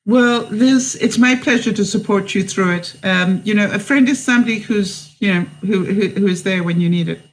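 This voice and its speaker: A woman's voice: medium pitch, moderate pace, few pauses, rough recording. A woman hosting a live stream. She reads viewer comments aloud and answers with encouraging advice, rambling with plenty of fillers and restarts. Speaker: vlogger and host.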